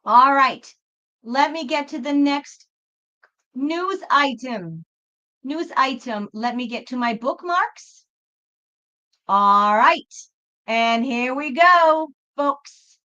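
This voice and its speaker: A woman's voice: sits high, lively intonation, slow pace, pauses often, pushed and bright, muffled recording. A woman hosting a tarot reading livestream, talking casually and reassuringly to her viewers, whom she calls folks. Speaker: tarot reader and livestream host.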